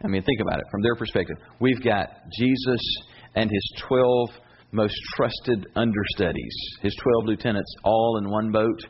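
A man preaching a sermon, telling a story with animated swings between high emphatic bursts and low intense asides. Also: normal speed. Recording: dull lo-fi sound with faint hiss.

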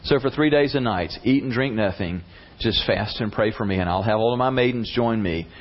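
A man's voice: lowish voice, a little fast, close to an everyday voice. A man voicing a young queen, speaking in an earnest, determined way on a dull lo-fi recording. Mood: resolute.

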